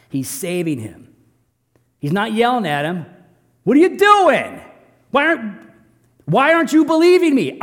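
A man preaching a sermon as pastor, swinging between loud emphatic bursts and soft low asides. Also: long reverb tail.

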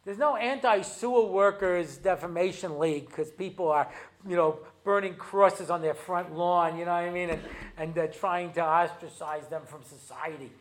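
A chatty American man, a rabbi giving a talk to an audience, tells funny stories in a voice that sits high, at a moderate pace. His humorous lecture features acted-out anecdotes, lots of asides and fillers, jokes, and switches into Hebrew.

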